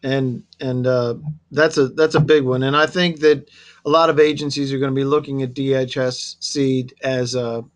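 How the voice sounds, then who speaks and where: A man's voice: medium pitch, moderate pace. A man hosting an online government briefing, friendly as he walks through a list of web resources. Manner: friendly, lists web resources in a steady presenter tone. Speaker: webinar host.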